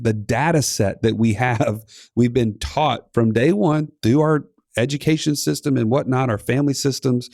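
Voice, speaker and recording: A man in his thirties co-hosting a casual finance podcast, talking in an animated way with playful sarcasm. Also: mid-range voice, vocal fry, no echo, clean studio sound. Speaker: podcast co-host.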